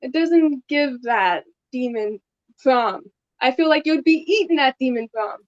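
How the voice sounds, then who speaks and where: Hesitant high-voiced woman, dull lo-fi sound. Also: expressive, measured pace, no room sound. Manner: hesitant, searching for words. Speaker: game contestant. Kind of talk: casual game talk.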